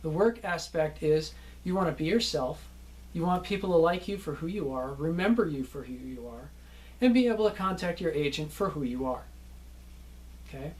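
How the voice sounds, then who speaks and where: A man's voice: fairly high pitch, normal speed, darkish tone. A middle-aged man teaching acting students in a casual, rambling lecture, often ending lines with "okay?".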